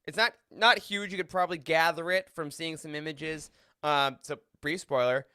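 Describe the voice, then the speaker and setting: A man hosts a laid-back podcast roundtable with real enthusiasm, laughing often and breaking into animated asides. His voice sits high and bright. The sound is dry, with no room echo. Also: normal speed, clear, resonant tone. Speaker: podcast host.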